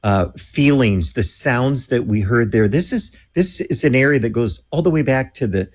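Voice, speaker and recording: A man being interviewed as a guest, telling a lively story and acting out the voices of the people in it. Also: mid-range voice, moderate pace. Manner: animated storyteller who acts out quoted voices.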